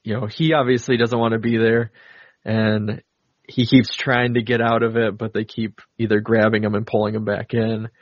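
A man's voice: on the low side, little pitch movement, moderate pace, dry recording. A man co-hosting a podcast in casual chat, retelling film scenes in a rambling way with many fillers. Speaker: podcast co-host. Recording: dull lo-fi dry sound.

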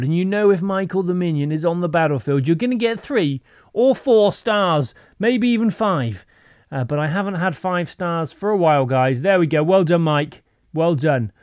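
Male gaming host, joking commentary, raised pitch, dead-dry close mic. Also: darkish tone, dry recording. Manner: playful, rambling, goofy asides.

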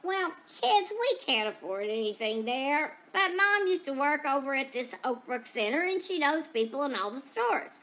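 A woman's voice: high-pitched, expressive, normal speed, few pauses, a bit bright. A woman voicing a chatty female dog who tells about her day in a rambling, gossipy way, full of asides. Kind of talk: first-person pet vlog narration.

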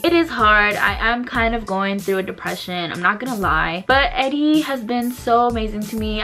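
A woman's voice: mid-range voice, pushed and bright. A woman in her twenties, out of breath, chatting in a dramatic, complaining way as a casual vlogger at home. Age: 20s. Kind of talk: casual vlog chat.

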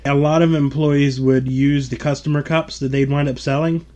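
A man's voice: fairly high pitch, fairly even intonation, moderate pace, warm tone. A man hosting a podcast who recounts stories in casual chat, hesitant and full of fillers. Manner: hesitant, filler-heavy, laughing. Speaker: podcast host.

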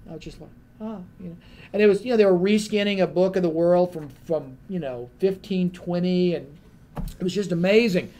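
A man on a panel telling a lively anecdote and acting out the other people in his story. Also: sits high, a little fast.

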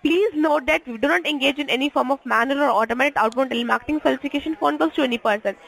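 Woman reading a phone script fast and pushy, high gravelly voice. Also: fairly bright tone, low-quality recording. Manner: reads a script fast, repeats lines insistently. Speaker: phone scammer. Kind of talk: scripted phone sales pitch.

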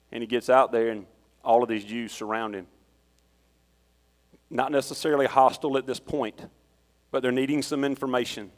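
A man preaches in a casual, conversational way and moves easily from a personal story to scripture. His voice sits at an ordinary middle pitch. The sound carries a long reverb from a church hall. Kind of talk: sermon.

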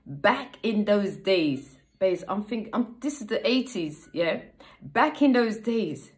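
A woman's voice: medium pitch, a bit bright. A woman preaching a casual online sermon, often checking in with "yeah?" and repeating phrases for emphasis.

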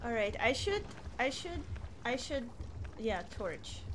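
A young woman streaming a game and chatting with viewers, who shrieks and yells at the game and then apologizes. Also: on the high side, big pitch swings, slow pace. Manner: chatty, greets viewers by name. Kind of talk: casual live-stream game commentary. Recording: noisy home stream recording.

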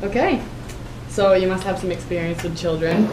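A teenage girl playing a polite, patient job interviewer who asks halting questions, recorded from far off in a noisy, echoey school room. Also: on the low side, close to an everyday voice.

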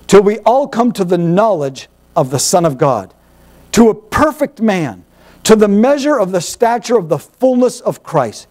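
A man preaching a sermon as Bible teacher, animated and emphatic, piling up rhetorical questions and repeated phrases. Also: high voice.

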